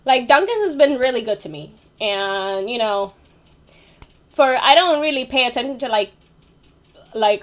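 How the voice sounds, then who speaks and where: A woman's voice: on the high side, lively intonation, measured pace. A young woman telling a casual story about her job, full of fillers like "like" and "you know", with casual swearing. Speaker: vlogger.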